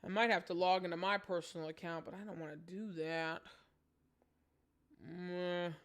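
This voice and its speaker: A woman's voice: lowish voice, steady tone, normal speed. Exasperated woman talking to viewers. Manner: exasperated, talks to viewers as y'all. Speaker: channel host. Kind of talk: casual live vlog commentary.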